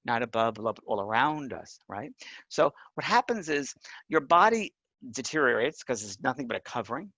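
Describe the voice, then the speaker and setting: A man's voice: mid-range voice, gravelly, fairly bright tone, no echo, highs cut off. A man teaching a course on mediumship, talking earnestly and emphatically and checking in with his listeners. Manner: earnest, emphatic, often asks the listener "right?". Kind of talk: spoken lesson.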